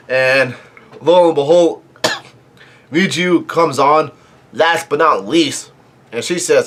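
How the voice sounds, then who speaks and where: A man's voice: a little high, takes it slowly, long pauses, fairly bright tone. A man casually recapping and reacting to a comic chapter, rambling with many fillers and restarts and coughing now and then. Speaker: manga reaction host.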